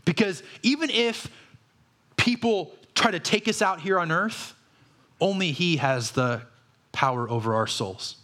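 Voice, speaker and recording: Man, pastor, preaching, conversational, rhetorical questions, fairly high voice. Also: animated, measured pace, sharp tone. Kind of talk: sermon.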